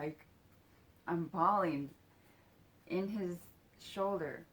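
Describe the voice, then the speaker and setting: A woman telling a personal story in a halting, soft-spoken way, with casual swearing. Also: low voice, fairly even intonation, a little hiss or hum.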